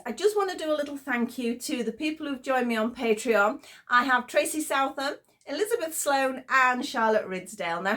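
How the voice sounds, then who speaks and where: A middle-aged woman, a little hoarse, chatting enthusiastically through a crochet tutorial as the channel host. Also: high-pitched, sharp tone. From United Kingdom. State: slightly hoarse.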